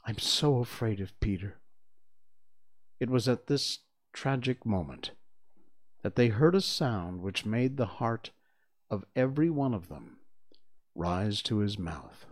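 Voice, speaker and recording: A man reading a children's storybook aloud in an expressive, theatrical storytelling manner. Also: on the low side, unhurried. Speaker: reader.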